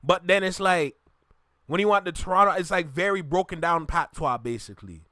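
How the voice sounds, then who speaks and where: A man from Jamaica with a Jamaican accent, hosting a reaction video and chatting casually to viewers in an animated, repetitive way. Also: high voice, brisk, dry recording, studio quality. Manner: animated, repeats himself, talks to viewers directly.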